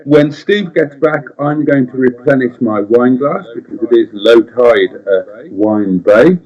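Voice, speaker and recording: A man's voice: medium pitch, measured pace, darkish tone, muffled recording. A man co-hosting a late-night live stream, jokey, chatty and theatrical. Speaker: co-host.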